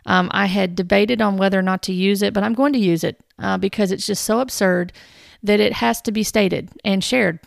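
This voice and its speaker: A woman's voice: mid-range voice, normal speed, vocal fry, dry recording, clean studio sound. A woman hosting a podcast, giving wry, skeptical commentary. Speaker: podcast host.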